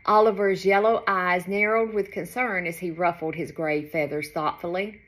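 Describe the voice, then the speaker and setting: A woman author reading her children's storybook aloud in an expressive, lilting way. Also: lowish voice, normal speed.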